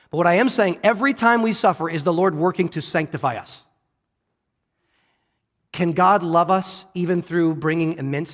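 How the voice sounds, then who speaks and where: A man's voice: a little high, a bit bright, long reverb tail. A man preaching a sermon, earnest and often repeating or correcting himself as he goes. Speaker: pastor.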